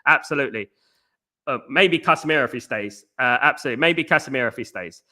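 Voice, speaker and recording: London-accented male streamer, casual and chatty, bright edge to the voice, reacts to viewer comments. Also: medium pitch, lively intonation, quick pace. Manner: casual, says big up and mate a lot. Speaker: fan channel host. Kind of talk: live chat-reading fan stream.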